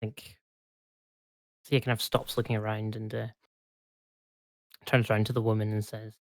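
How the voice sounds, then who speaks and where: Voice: medium pitch, level tone, moderate pace, a little mellow, dry recording. A tired player in a tabletop game who talks chattily and laughs between lines. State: overtired. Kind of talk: playing a character in a tabletop game.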